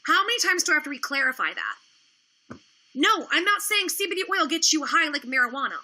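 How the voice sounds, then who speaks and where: A woman's voice: sits high, sing-song, a little fast, pushed and bright. A woman hosting a livestream, talking in an indignant, sarcastic and profane rant, sounding worn out. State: tired, low energy. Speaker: livestream host. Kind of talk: ranting livestream talk.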